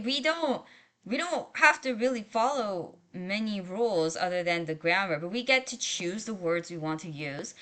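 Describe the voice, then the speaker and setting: A woman's voice: mid-range voice, sharp tone. A woman writing instructor giving a recorded lecture in a conversational way, often checking in with her students. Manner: conversational, checks in with "right?" and "okay?".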